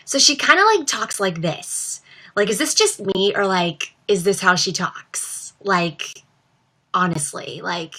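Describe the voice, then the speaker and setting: A woman's voice: medium pitch, animated, measured pace, bright, forceful tone, full character voice. A woman doing a bubbly young pop star. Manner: talks with a smile, uptalk. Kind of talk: celebrity speaking impression.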